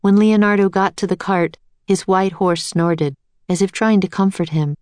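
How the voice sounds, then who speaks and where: A woman narrating a children's storybook in a calm, measured reading voice. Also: mid-range voice, no room sound.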